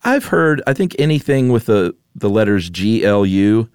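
A laid-back man with a fairly low voice, co-hosting a podcast and chatting casually. He laughs easily and keeps it loose. The recording is dry and close. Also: animated, normal speed, a little mellow, smooth, no echo. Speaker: podcast co-host. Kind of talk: casual chat.

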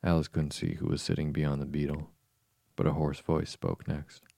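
A man narrating an audiobook in a measured, even way. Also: a bass voice, vocal fry, no echo.

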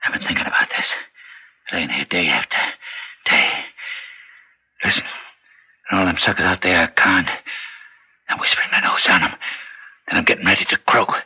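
An actor playing a scheming, bullying old gangster boss who is bedridden and weak, talking in rough street slang in a 1960s radio drama. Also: male voice, deep voice, moderate pace, pauses often, bright, forceful tone, full character voice, low-quality recording.

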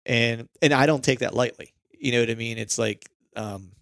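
A man's voice: mid-range voice, fairly even intonation, normal speed, creaky, a bit bright, no room sound, studio quality. A man in casual conversation, talking in a laid-back, rambling way and laughing often. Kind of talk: casual chat.

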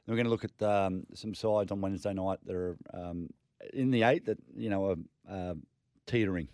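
A man's voice: low voice, fairly quick, a little mellow, no room sound, clean studio sound. A man co-hosting a sports radio show, talking in a laid-back, hesitant way. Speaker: radio sports co-host and former player. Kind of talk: casual sports radio banter.

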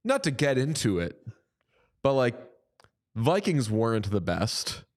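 A man's voice: medium pitch, sing-song. Wry, rambling male podcast co-host. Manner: wry, rambling, quick to joke. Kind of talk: casual sports chat.

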